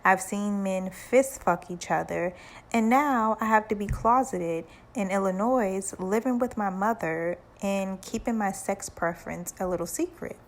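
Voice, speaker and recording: A woman voicing a hesitant young adult son who speaks in a low, subdued tone. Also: a little slow, lightly acted.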